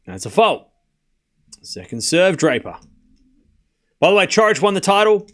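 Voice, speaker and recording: A man's voice: high-pitched, a little slow. A man hosting a live tennis watchalong stream, calling each point and cracking jokes in asides. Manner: excitable, joking asides between points. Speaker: watchalong host and commentator. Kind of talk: live play-by-play stream commentary.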